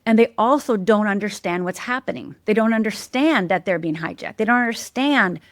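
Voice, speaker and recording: A woman's voice: a little fast, dry recording. Emphatic, teacherly woman with a dry sound. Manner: animated, jumps high in pitch to act out quoted voices; emphatic and teacherly, repeats key words. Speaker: guest, life coach. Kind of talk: animated interview talk.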